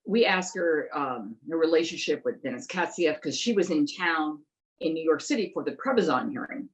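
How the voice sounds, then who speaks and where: Deep-voiced and speaking at normal speed, this woman is an investigative journalist in a conversational interview. She's emphatic and animated, leaning on rhetorical questions, and the sound is lo-fi.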